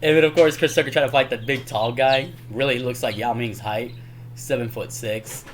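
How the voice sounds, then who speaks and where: A man's voice: medium pitch, steady tone, moderate pace, a little hiss or hum. A man casually recapping favorite comedy movies on his channel, rambling and chuckling, peppering his talk with "man" and "y'all". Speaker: YouTuber.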